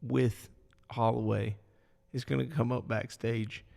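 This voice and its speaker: A man with a gravelly, creaky edge to his voice rambles through a casual podcast chat, piling up fillers as he goes. His voice rings with a long reverb, as if the room is large and echoey. He keeps things animated and loose. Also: mid-range voice, slow. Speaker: podcast co-host.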